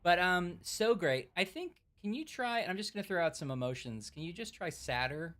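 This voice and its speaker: Lively, playful male stream host. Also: high voice, moderate pace. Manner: playful, mock-directing, lively. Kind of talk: casual gameplay chat.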